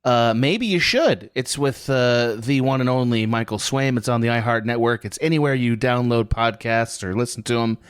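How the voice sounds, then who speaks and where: A man's voice: mid-range voice, normal speed, hardly any pauses, smooth, no room sound, clean studio sound. A man on a podcast as a guest, chatting casually and telling stories with frequent laughter. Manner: laughs often, animated storytelling.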